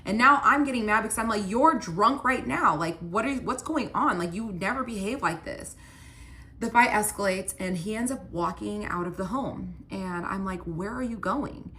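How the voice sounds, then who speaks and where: A woman's voice: fairly low pitch, slight background noise. Woman telling a story, full of "like". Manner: animated retelling with many "like" fillers, quoting both sides of arguments. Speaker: storyteller recounting her relationship. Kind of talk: casual storytelling.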